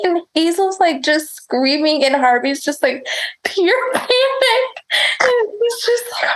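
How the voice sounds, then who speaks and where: A woman's voice: extremely high pitch, unhurried, low-quality recording. A woman telling a story in casual chat, laughing often, swearing and rambling with lots of fillers.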